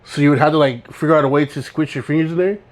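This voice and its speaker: This young man co-hosts a podcast, talking at a racing clip in a high-ish voice. He spins loose, easygoing stories in a casual chat and laughs along the way.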